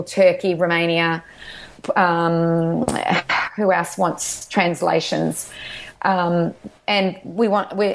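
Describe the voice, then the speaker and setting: A middle-aged woman, a documentary filmmaker chatting in an interview, telling stories eagerly and restarting her sentences often. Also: fairly low pitch. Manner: enthusiastic, rambling storytelling with restarts. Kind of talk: casual interview chat.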